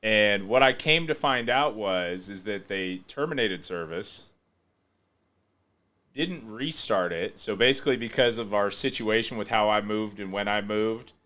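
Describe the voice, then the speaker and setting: A man hosting a podcast, chatting casually and joking, often breaking into loud laughter. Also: lowish voice, measured pace. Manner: animated, joking, laughs loudly. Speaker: podcast host.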